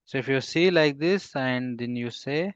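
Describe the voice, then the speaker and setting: Halting male coding instructor, lo-fi. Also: mid-range voice, clear, resonant tone, no echo. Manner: halting, with frequent fillers and restarts; quizzes the class with questions. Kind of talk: live coding class.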